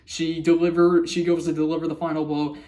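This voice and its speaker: A man's voice: fairly high pitch, little pitch movement, fairly quick, mellow. A man casually recapping a cartoon episode for his vlog, rambling with frequent restarts and little laughs. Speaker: vlogger reviewing a cartoon episode.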